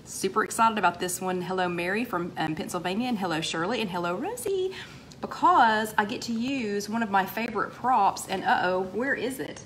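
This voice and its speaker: A woman's voice: medium pitch, expressive, a little fast, a little hiss or hum. A woman hosting a casual livestream chat, greeting viewers by name in a chatty, upbeat way with many fillers. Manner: chatty, upbeat, lots of fillers and shout-outs. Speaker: host of a weight-loss livestream chat.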